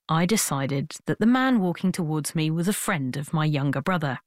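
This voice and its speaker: A woman's voice: on the low side, dry recording, clean studio sound. A woman presenter telling a self-deprecating personal anecdote in a wry, scripted way. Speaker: programme presenter. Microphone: studio microphone.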